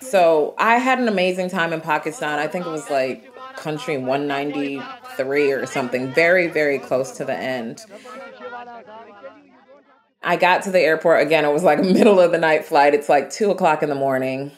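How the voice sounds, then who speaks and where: A woman from the United States, a traveler and interview guest, telling her travel stories in an animated, vivid way. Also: sits low, moderate pace. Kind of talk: storytelling in an interview.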